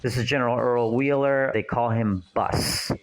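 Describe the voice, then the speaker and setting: A man's voice: mid-range voice, fairly even intonation, normal speed, rough recording. A man giving a casual, digressive audio commentary on a film, thinking aloud as he goes.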